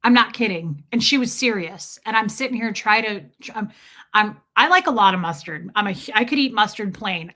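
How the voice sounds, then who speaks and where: A woman streamer telling a casual story, animated and exasperated, swearing freely with comic asides. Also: mid-range voice.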